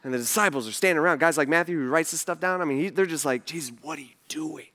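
A male pastor delivering a sermon with a high, bright and forceful voice. He talks to the congregation casually, throws rhetorical questions at them and pushes his emphatic points hard. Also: very fast. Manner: conversational, asks the audience rhetorical questions; emphatic, builds to forceful passages.

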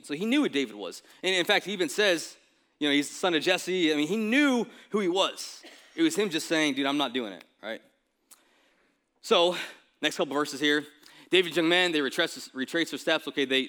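A male pastor giving a sermon in a casual, conversational way, often checking in with the congregation with quick asides. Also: on the high side, animated, pushed and bright. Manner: casual, conversational preaching with frequent "right?" asides.

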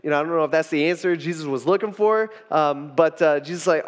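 A man's voice: on the high side, quick pace, hardly any pauses. A man preaching a casual storytelling sermon, chatty and full of fillers, acting out the quotes. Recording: reverberant hall.

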